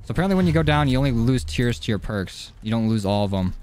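A man streaming live gameplay, talking casually to his chat with sudden excited yelps, on a close studio mic at home. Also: mid-range voice, fast talker. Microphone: studio dynamic mic.

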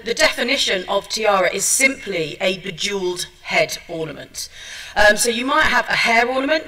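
A woman's voice: medium pitch, pushed and bright, distant mic, low-quality recording. A woman giving a chatty, self-deprecating seminar talk, with many ums and restarts. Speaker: seminar speaker. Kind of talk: chatty presentation. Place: seminar room at a trade show.

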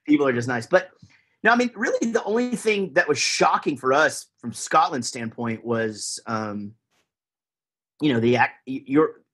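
A man's voice: medium pitch, lively intonation, normal speed, a bit bright, slightly rough. A man with a Texan accent, chatting casually as a podcast guest, rambling with lots of fillers and restarts. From Texas, USA.

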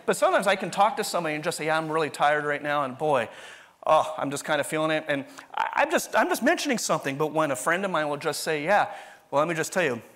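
A man's voice: fairly high pitch, lively intonation, fast, fairly bright tone. A man preaching a sermon in a conversational, rambling way, often restarting his sentences. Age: adult, continuing university studies. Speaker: pastor.

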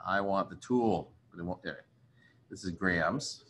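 A man with a fairly low voice gives a relaxed chemistry lecture. He thinks aloud as he works through problems and apologizes often. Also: unhurried, a little hiss or hum. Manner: chatty, apologetic, thinks aloud while writing. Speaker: chemistry teacher. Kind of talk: casual recorded lecture.

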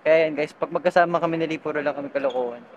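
A man's voice: fairly high pitch, very fast, dull audio. A young Filipino man vlogging casually with a handheld camera inside a shopping mall, joking around with friends. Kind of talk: casual vlog. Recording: noisy mall ambience. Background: mall ambience.

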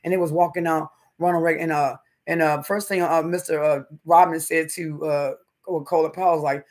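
Guy hosting a livestream, kinda high voice, lively storyteller, says honey and baby a lot. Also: fairly quick. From North Carolina, US. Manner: animated storyteller, calls viewers honey and baby. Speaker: livestream host. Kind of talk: casual live-stream chat with viewers.

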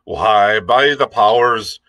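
A man's voice: mid-range voice, lively intonation, unhurried, bright, forceful tone. A man reading aloud and voicing a bluff, hearty old male ship's cook. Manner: bluff, hearty sailor talk.

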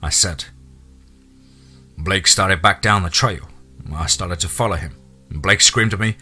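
A man's voice: sits low, measured pace, long pauses, bright, forceful tone, faint music behind. A man narrating a first-person horror story in a plain, folksy storytelling manner.

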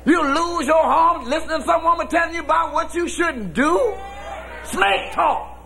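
A man preaching a sermon as pastor, shouting in a folksy preaching cadence. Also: extremely high pitch, fairly quick, gravelly, slight background noise. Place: church with congregation.

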